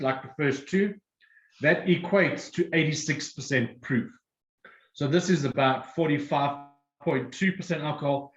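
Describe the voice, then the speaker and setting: A man's voice: fairly high pitch, echoey room, dull audio. A man presenting a whiskey tasting and explaining each drink step by step. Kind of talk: guided tasting talk.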